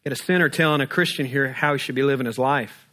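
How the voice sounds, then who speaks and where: A man's voice: mid-range voice, fast, fairly bright tone. A man pastor preaching a sermon, pressing with rhetorical questions and breaking in with humorous everyday asides.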